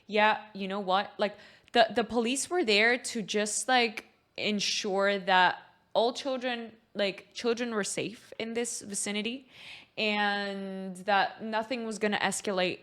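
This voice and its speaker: A woman's voice: mid-range voice, a bit bright. A young woman streamer giving casual reaction commentary, rambling and filling her talk with "like". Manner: rambling, heavy use of filler "like".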